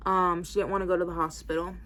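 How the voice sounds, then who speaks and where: A young woman in her twenties chats to her camera in a rambling, unscripted way, peppering every phrase with "like" and "um". Her voice sits lower than most women's, with a faint hum of room noise behind it. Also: flat delivery, fast talker, fairly bright tone. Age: 20s. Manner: rambling, heavy use of "like" and "um"; talks while styling her hair. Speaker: vlogger. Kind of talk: casual storytelling to camera.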